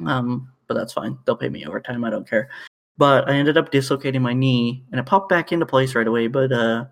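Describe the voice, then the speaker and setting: A man's voice: mid-range voice, fairly quick, gravelly. Rambling, profane man from Canada. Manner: rambling, profane storytelling with frequent fillers. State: knee in pain. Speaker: podcast co-host. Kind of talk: casual chat.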